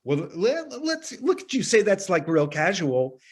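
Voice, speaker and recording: Speaking high and breathy, this man is very animated yet unhurried as he leads an arts workshop. He explains ideas earnestly to participants in a casual teaching manner, sometimes restarting sentences mid-thought and occasionally swearing mildly.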